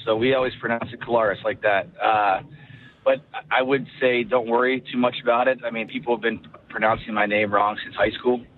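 Radio guest, man, 30s, from Ohio; relaxed, rambly delivery, tinny phone-quality sound. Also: mid-range voice, fairly quick, a little hiss or hum. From Ohio, USA. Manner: relaxed, rambling with many fillers and restarts. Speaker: guest, pro football quarterback. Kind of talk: casual interview chat.

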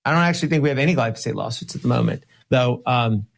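A man, a lawyer and guest, talking emphatically in an interview, slowing down to stress his points, sometimes sarcastic. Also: mid-range voice, creaky. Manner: sarcastic at times. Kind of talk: podcast interview talk.

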